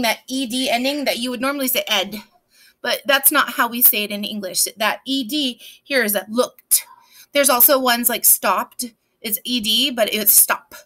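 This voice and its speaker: A woman reading teacher walks young learners through phonics with patient, step-by-step explanations. Her voice is bright and a little high. She keeps it lively with playful examples. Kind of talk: online phonics lesson for children.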